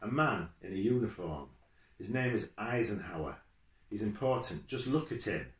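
Man doing a gruff coach driver. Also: on the low side, animated, moderate pace, pitched above the performer's own voice, close to an everyday voice. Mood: firm. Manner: blunt, harsh and curt. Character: gruff harsh male coach driver, middle-aged. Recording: echoey room.

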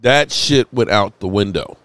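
A man's voice: on the low side, expressive, a little slow, fairly bright tone, no echo. Emotional, tipsy man ranting on a stream. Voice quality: rambling, emphatic, swearing. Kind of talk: emotional live-stream commentary.

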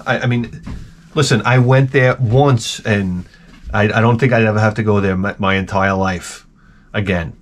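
A man hosting a video, telling a rambling, profane comic rant with lots of restarts and asides, swinging between loud bursts and muttered remarks. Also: fairly low pitch, fairly even intonation, slow pace, pauses often, slight background noise. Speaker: video host.

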